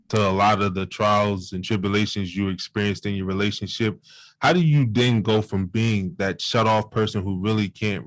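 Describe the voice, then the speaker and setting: A man's voice: on the low side, no echo, rough recording. A man hosting a podcast, asking long earnest questions. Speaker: podcast host. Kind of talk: interview questions.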